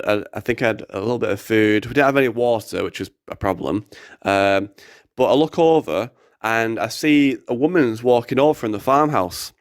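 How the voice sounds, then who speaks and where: A young man telling a story casually, animated, swearing and acting out the quotes. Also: fairly low pitch, clean tone, dry recording, clean studio sound.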